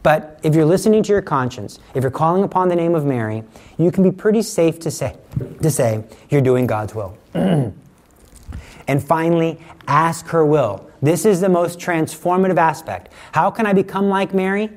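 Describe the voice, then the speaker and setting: A middle-aged man giving a conversational sermon, teaching with lively examples and acted-out quotes. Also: a little high, normal speed. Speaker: preacher.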